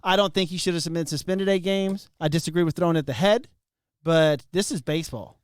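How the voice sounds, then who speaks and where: A man co-hosting a sports talk show, talking about games with easy, excited energy and frequent laughter. His voice sits fairly high for a man and sounds smooth and clear. The recording is close and dry, with no room sound. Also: brisk, dry recording. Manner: enthusiastic, laughs often, chatty.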